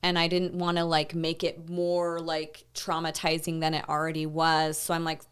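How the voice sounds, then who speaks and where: A woman's voice: sits low, monotone, normal speed, smooth. A woman in her thirties, a podcast guest, tells a painful personal story in a rambling conversational way, full of "like" and "you know.". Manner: intense, reliving a painful memory.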